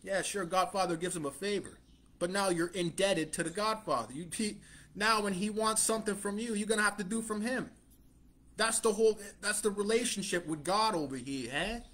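High-voiced man preaching like a mobster. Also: a little fast, a bit bright. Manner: swaggering mobster tough-guy talk, heavy swearing; scornful, blunt, chuckles between lines. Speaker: self-styled preacher. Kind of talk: profane street-style sermon.

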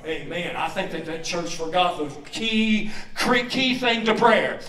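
A man preaching a sermon in a church, moving from low steady talk to loud joyful shouts. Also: a little slow, hardly any pauses, roomy sound, recorded from a distance. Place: church hall.

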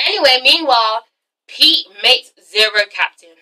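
A woman's voice: high-pitched, expressive, a little slow, bright, forceful tone, recorded from a distance, poor audio. A woman doing a casual vlog recap of a TV episode, sassy and swearing freely as she talks straight to her viewers. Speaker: TV episode reviewer.

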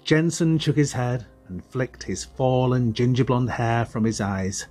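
A man narrating a children's audiobook in a steady storytelling voice. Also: medium pitch, a little slow, few pauses, faint music behind. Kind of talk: scripted narration.

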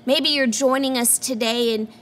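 A woman's voice: high-pitched, fairly even intonation, moderate pace, fairly bright tone, slight background noise. A woman pastor giving an earnest sermon and reading scripture aloud. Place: church.

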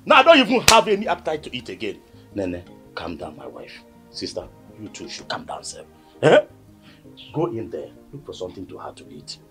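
An actor with a Nigerian accent playing a pleading husband who keeps calming his wife and sister. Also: lowish voice, brisk, soft background music, exaggerated voice. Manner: pleading, soothing, repeats himself. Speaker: husband and brother in the family. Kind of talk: Nollywood film acting.

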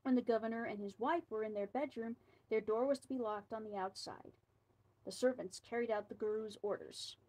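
A woman with a fairly high voice reads a scary story aloud at a fairly quick pace, and the audio quality is poor. She delivers it in a storybook style, slipping in quiet asides of her own.

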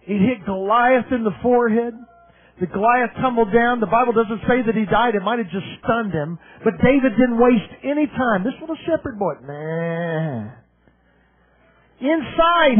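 A man preaching a sermon at a conference, telling a story with animated delivery, voicing the characters and shouting at the peaks. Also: very high-pitched, narrow, tinny audio. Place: conference hall.

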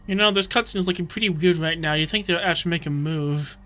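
A man giving jokey, excitable commentary while playing a video game, often shouting his reactions. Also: a little high, fast, faint music behind. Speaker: let's play host. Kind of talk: gameplay commentary.

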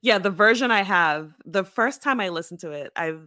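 A woman's voice: medium pitch, expressive, moderate pace, bright, forceful tone, no room sound, studio quality. A woman co-hosting a casual book club podcast, chatty and opinionated with lots of fillers. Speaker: podcast co-host.

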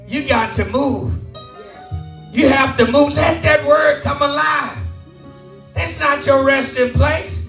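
A pastor preaching fervently, shouting and repeating phrases, calling out to his congregation for responses. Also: very high-pitched, gravelly. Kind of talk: shouted call-and-response sermon. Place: large church hall. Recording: echoey church hall, voice from a distance, music behind.

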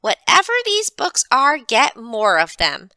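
A woman voicing a kindly elderly neighbor who walks with a cane, in a slow, higher old-lady voice for a storybook reading. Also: huge pitch swings, pushed and bright, dry recording, exaggerated voice. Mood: doting.

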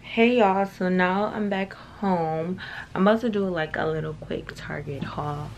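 A woman's voice: lowish voice, a little slow, muffled recording. Young woman, casual vlog chat, candid and swearing, noisy background with car sounds. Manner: candid, chatty, swears freely, addresses viewers as y'all. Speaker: beauty vlogger.

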